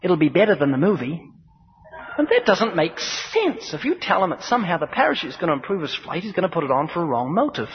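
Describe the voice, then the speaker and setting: A man's voice: high-pitched, big pitch swings, fast, hardly any pauses. A man preaching a sermon in an emphatic, rhythmic style, building points through repetition and acted-out dialogue. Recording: dull recording with long hall reverb.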